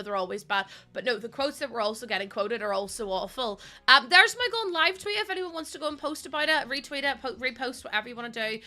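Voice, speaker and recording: Bright, high-voiced woman streamer. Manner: chatty and animated, swears freely, laughs often. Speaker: live streamer. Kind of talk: casual chat with live chat viewers.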